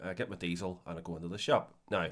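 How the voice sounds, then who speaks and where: A man with a Belfast accent telling a funny story in casual podcast chat, sweary and animated, acting out the people in it. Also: sits low, quick pace. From Northern Ireland. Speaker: podcast co-host.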